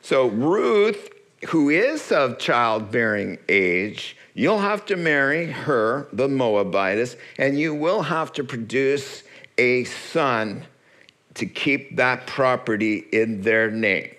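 A man's voice: mid-range voice, slow. A man preaching a sermon, retelling a story with humor and acting out the people in it. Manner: lively storytelling, acts out characters with asides and humor.

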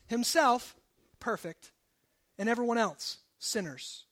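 Male pastor, very high voice, sermon delivery with loud emphatic runs and quiet asides. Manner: shifts between forceful emphasis and hushed low asides. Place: church service.

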